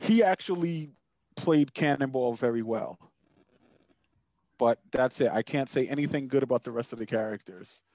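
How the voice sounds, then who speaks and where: A man in a relaxed podcast chat, lively and expressive, who leaps high in pitch when quoting himself. The sound is dry and a little dull, with no room around it. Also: no room sound. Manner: animated, jumps pitch for quoted asides. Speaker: podcast co-host. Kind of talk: casual chat.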